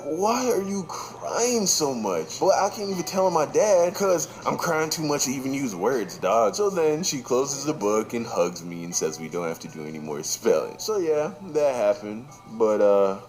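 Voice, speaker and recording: A man telling a comedic childhood story, jumping into a high crying child voice for his younger self. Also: very animated, normal speed, few pauses, soft background music. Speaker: storyteller in a played video.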